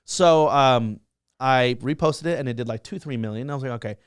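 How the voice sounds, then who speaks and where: Young guy talking super fast, excited, lots of "like", dry close sound. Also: medium pitch, clean tone, dry recording. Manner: fast, excitable, full of fillers and restarts. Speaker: guest, social media creator. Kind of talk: casual interview storytelling.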